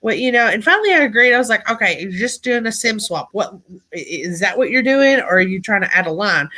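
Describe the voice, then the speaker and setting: A woman's voice: mid-range voice, lively intonation, a little fast, sharp tone. A woman, hosting a live stream and talking in a chatty, blunt, rambling way about managing her phone store. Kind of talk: casual live-stream chat.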